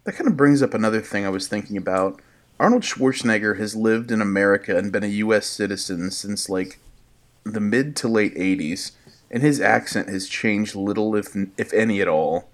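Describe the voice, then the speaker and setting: A man's voice: lowish voice, moderate pace. A man from the Midwest co-hosting a podcast, chatting and musing about a movie. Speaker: podcast co-host. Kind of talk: casual movie chat.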